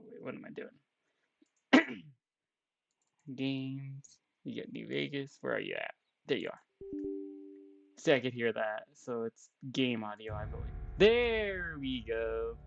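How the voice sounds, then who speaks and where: A man's voice: medium pitch, unhurried, vocal fry, pauses often, no room sound, highs cut off. A man streaming a game in a casual, joking way, chatting with his viewers and laughing often.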